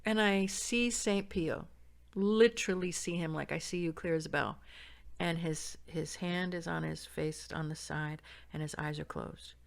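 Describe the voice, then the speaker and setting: A woman from San Diego, a podcast guest, telling a personal story and acting out the quoted voices with big jumps in pitch and loudness. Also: steady tone, unhurried, vocal fry.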